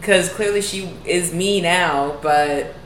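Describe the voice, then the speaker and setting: Low-voiced woman chatting candidly in an echoey room. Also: takes it slowly, fairly bright tone. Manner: chatty, candid, lots of "like" fillers. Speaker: podcast co-host. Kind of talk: casual chat. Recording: echoey room, light noise.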